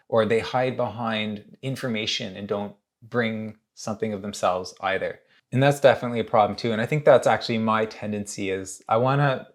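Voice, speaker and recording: A man hosting his own channel, talking candidly and earnestly in a halting way, with many restarts. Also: lowish voice. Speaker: illustrator and channel host. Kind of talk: candid casual monologue.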